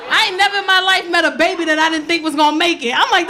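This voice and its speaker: Woman in her 40s doing a stand-up set, high voice, loud punchy delivery, crowd laughing in the club. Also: fast, few pauses, background noise. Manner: loud, animated storytelling with shouted punchlines. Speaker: stand-up comedian. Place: comedy club stage. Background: audience laughing.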